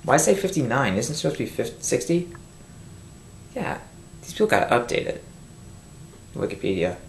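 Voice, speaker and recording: A man's voice: medium pitch, very animated, normal speed, creaky, a little hiss or hum. Annoyed guy ranting about a movie, swearing, rambling, echoey room on a built-in cam mic. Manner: exasperated, rambling, swears, restarts sentences. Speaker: film reviewer. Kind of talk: angry movie review rant. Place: home room. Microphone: built-in camera microphone.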